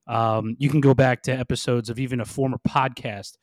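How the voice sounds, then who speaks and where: A man's voice: mid-range voice, steady tone, fairly quick, no room sound, clean studio sound. A man who produces a sports podcast, chatting bluntly and sardonically and swearing freely. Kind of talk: casual sports chat.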